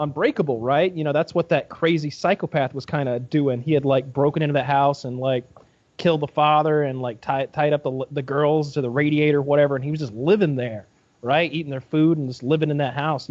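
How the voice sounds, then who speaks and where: A man's voice: fairly high pitch, a little fast, a little mellow, dull audio. A man co-hosting a podcast, riffing in a joking, darkly comic way. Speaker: podcast co-host. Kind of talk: casual podcast banter.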